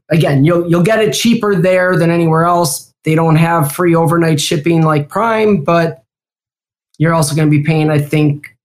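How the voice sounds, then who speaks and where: A woman with a Midwestern American accent, chatting casually as an interview guest, quick and rambling with fillers. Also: low-pitched, a little mellow. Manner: chatty, talks in bursts with fillers. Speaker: guest, security executive.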